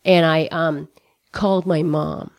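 A woman's voice: deep voice, slow pace, no room sound, studio quality. Candid profane woman telling a story. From United States. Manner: animated, profane, frequent "like" and "you know". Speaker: comedian guest.

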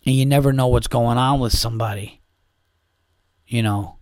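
A man hosts a solo podcast in a medium-pitched, steady, slightly mellow voice at a moderate pace. The recording is clean studio quality with no echo. His casual monologue is rambling, exasperated, and profane, full of restarts and asides.

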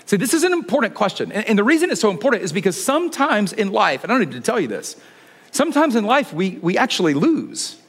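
Very animated and quick, a husky-voiced pastor preaches in a conversational style. He piles on rhetorical questions, then repeatedly drops to a hushed, low delivery for emphasis.

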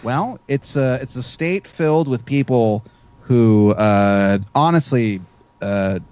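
A man from Virginia trading jokes in a loose podcast chat, his pitch swinging all over the place. He is sarcastic and curses freely. The sound is dull and lo-fi. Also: lively intonation, takes it slowly, darkish tone, smooth, no room sound. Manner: joking, sarcastic, swears. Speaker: podcast co-host. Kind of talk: casual chat.

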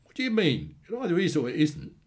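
A man's voice: mid-range voice, big pitch swings, moderate pace, a little mellow, voice pushed up, natural voice. A man voicing an angry young man in his twenties who swears bluntly and bitterly about his father.

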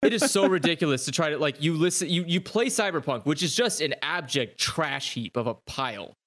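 A man's voice: a little high, lively intonation, brisk, a bit bright. A young man in casual podcast chat, ranting with plenty of swearing and exasperation.

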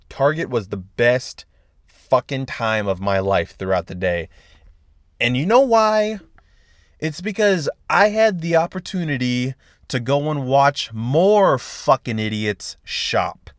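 A man's voice: medium pitch, sing-song, unhurried, no room sound, studio quality. Profane rambling podcast host, man. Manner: profane, rambling, exasperated storytelling. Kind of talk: casual solo podcast rant.

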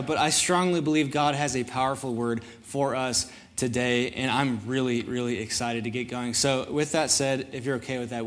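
A man's voice: mid-range voice, slight background noise. A young man on a church's student ministry staff preaching a sermon, telling stories in a casual, self-deprecating way.

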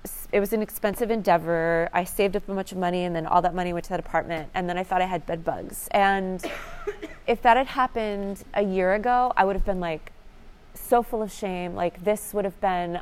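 A young woman tells her own recovery story in a plain mid-pitched voice. She sounds earnest and reflective. She often pauses on "like" while she gathers her thoughts. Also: smooth. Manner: earnest, reflective, frequent "like" fillers. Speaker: recovery program member sharing. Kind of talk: personal sharing.

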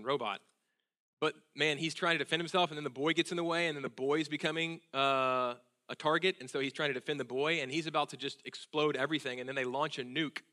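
A man in his thirties preaches from a church stage, his voice bright and forward. He tells stories with earnest emotion, often sinking to a quiet, intense hush on key words. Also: on the high side. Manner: earnest, emotional storytelling, drops to hushed intensity. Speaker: pastor. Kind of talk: sermon. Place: church sanctuary.

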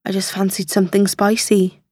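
A woman's voice: medium pitch, level tone, brisk, a little mellow, breathy edge, dry recording, clean studio sound, close to an everyday voice. A woman voicing a proud, irritated wife who speaks curtly and in clipped phrases. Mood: sulky. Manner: curt, clipped.

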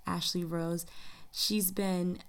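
This U.S. podcast host talks to her audience in a chatty, upbeat casual monologue, addressing them as "y'all". Her voice is on the low side, with flat delivery and a slow pace.

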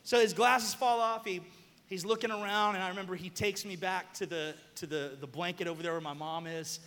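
Young male preacher from the American South, high and bright, animated storyteller who breaks into shouts. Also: a little fast. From southern United States. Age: young adult. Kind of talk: sermon. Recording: long hall reverb.

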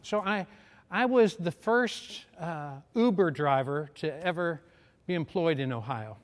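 A man's voice: on the high side, animated, measured pace. A middle-aged man preaching, telling a story with humor and acting out the voices of the people in it. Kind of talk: sermon storytelling. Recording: long hall reverb.

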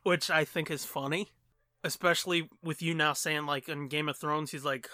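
A man co-hosts a podcast in loose, animated banter, tossing out jokes and quick impressions. His voice sits fairly high with a bright, ringing tone. The sound is dry and close to the mic. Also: dry recording. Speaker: podcast co-host. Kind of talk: casual chat.

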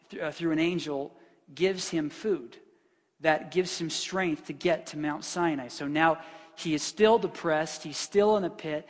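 Male pastor, high husky voice, plainspoken emphatic sermon, long hall reverb. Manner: emphatic, conversational preaching with restarts.

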